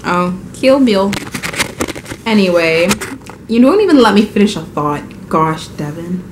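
A woman's voice: lowish voice, sing-song, unhurried. A young woman chatting casually in a travel vlog, scattered and sleep deprived, losing her train of thought. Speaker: travel vlogger. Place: indoors, room in Dublin. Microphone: handheld camera. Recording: noisy camera audio.

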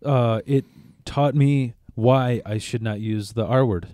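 A man's voice: mid-range voice, slow pace, mellow, no echo, clean studio sound. A man from the area, rambling through a joke in casual podcast chat and swearing often. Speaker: podcast co-host.

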